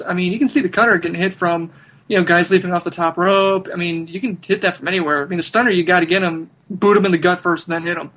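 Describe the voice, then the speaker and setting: High-voiced chatty male podcast host. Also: fairly bright tone, rough recording. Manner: chatty, jokey, reads out plugs. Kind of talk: casual podcast chat.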